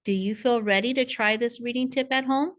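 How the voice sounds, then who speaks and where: A woman's voice: a little high, fairly even intonation, brisk, a bit bright. A woman narrating a parent workshop as a reading coach, in a patient, encouraging teacher tone. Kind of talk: scripted instructional narration.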